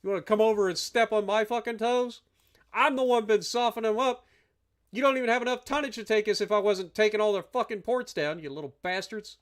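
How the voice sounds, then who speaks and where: Live-streaming a strategy match, a man with a high voice talks fairly quickly, ranting at and swearing about his opponents throughout his gameplay commentary.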